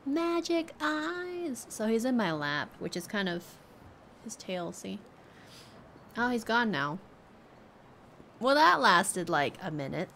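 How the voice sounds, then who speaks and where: A woman's voice: mid-range voice, sing-song, takes it slowly, gravelly, long pauses, sharp tone, slight background noise. A woman streamer chatting casually with her viewers and cooing at her cat. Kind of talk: casual live-stream chat.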